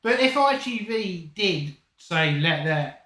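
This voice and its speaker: Male co-host, eager chat, high-pitched, echoey room. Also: lively intonation, slow pace, pushed and bright. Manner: eager, tosses out suggestions. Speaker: livestream co-host. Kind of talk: casual chat.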